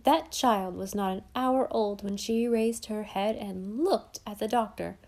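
A woman voicing a brisk, devoted elderly housekeeper who talks bluntly with old-fashioned sayings. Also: medium pitch, fairly even intonation, darkish tone. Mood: emphatic.

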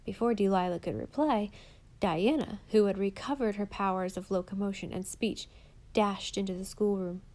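Audiobook narrator: woman, middle pitch, expressive and measured. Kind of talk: scripted storybook narration.

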